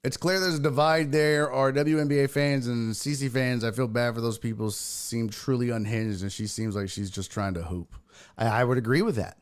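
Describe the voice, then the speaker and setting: A man's voice: medium pitch, fairly even intonation, moderate pace. A man hosting a casual livestream sports talk show, swearing freely as he reads chat comments aloud and answers them.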